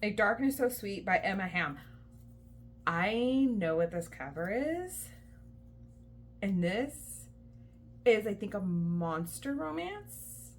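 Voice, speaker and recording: A woman's voice: medium pitch, sing-song, slow pace, long pauses, slight background noise. A young adult woman, a mom and book vlogger, chatting casually with lots of likes and ums. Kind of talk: casual vlog chat.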